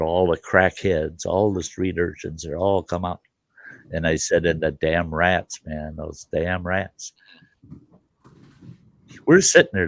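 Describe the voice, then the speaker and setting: Male host, deep and dry-sounding, tells salty down-home stories. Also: no room sound. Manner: folksy, salty yarn-spinning with crude asides. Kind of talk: casual storytelling chat.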